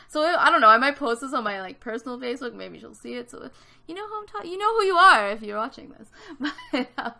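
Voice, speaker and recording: A woman's voice: high voice, fast. A woman in her twenties telling a chatty story over a game build, filling her talk with "like" and acting out what others said. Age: 20s. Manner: chatty, animated, lots of "like", acts out quoted voices. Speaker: YouTube Sims builder.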